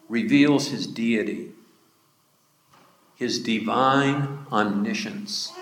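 Male pastor, sermon, unhurried and deliberate, long hall reverb. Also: medium pitch, fairly bright tone, a little hiss or hum. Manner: slow, deliberate preaching with emphatic rises. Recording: echoey hall.

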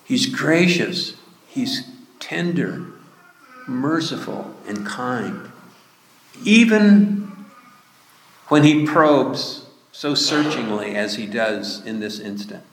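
A male pastor preaching a sermon in a slow, deliberate way, with emphatic rises in his voice. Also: medium pitch, animated, slight background noise. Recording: echoey hall.

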